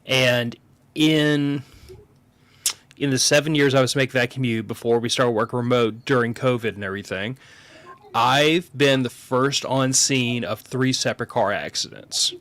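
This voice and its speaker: A man co-hosting a podcast, telling a story in a measured, matter-of-fact way. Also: medium pitch, a bit bright, no room sound. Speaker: podcast co-host. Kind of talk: casual chat.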